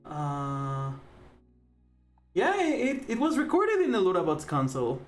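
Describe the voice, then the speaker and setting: A live-stream host chatting casually while drawing, rambling with many fillers and self-corrections and often breaking into laughter and excited greetings. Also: mid-range voice, a little slow. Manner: laughs easily, with sudden excited outbursts.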